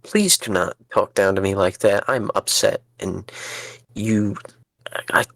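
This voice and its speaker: Stammering, flustered man with a gravelly voice. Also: fairly low pitch, takes it slowly, fairly bright tone, dry recording. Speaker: player. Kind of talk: in-character tabletop role-play.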